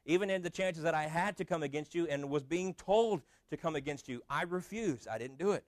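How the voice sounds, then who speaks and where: A man's voice: a little high, brisk, no room sound. A man preaching a sermon as pastor in a conversational way, often restarting with fillers.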